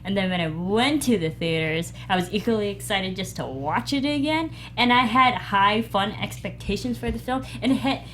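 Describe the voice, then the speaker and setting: A woman's voice: medium pitch, moderate pace, hardly any pauses, fairly bright tone, slight background noise. A woman on a movie review panel in casual chat, enthusiastic and gushing.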